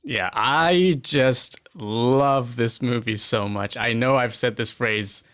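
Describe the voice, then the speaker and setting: A man's voice: medium pitch, takes it slowly, a bit bright. A man co-hosting a podcast in casual chat, talking earnestly and repeating words for emphasis. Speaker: podcast co-host.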